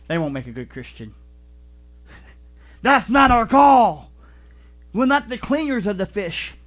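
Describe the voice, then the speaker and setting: A male pastor delivers a sermon in a church with a lively, swooping voice. He tells stories animatedly, jumping into voices and bursts of emphasis. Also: high voice. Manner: animated storytelling, acting out voices. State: vertigo, deaf in left ear.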